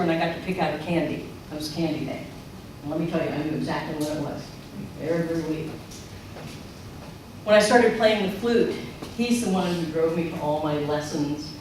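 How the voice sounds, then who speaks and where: A middle-aged speaker gives a personal storytelling sermon at a spiritual center, acting out remembered quotes. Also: medium pitch. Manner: animated storyteller who acts out remembered quotes. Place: large church sanctuary. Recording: echoey hall from far off, noisy.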